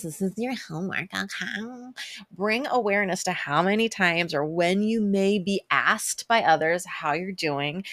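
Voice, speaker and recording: A woman's voice: fairly low pitch, fairly bright tone, no echo. A woman giving brash, profane self-help advice in a casual monologue, laughing often and quoting others in a playful sing-song.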